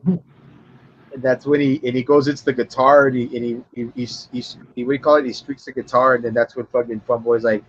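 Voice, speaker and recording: A man on a livestream podcast talks through a film scene in a loose, rambling way. He swears a lot and repeats words while he searches for them. His voice sits at an ordinary pitch and comes through dull and lo-fi. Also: level tone, brisk, a little hiss or hum. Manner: rambling, profane, acts out scenes in high voices. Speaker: podcast co-host. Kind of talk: casual film review chat.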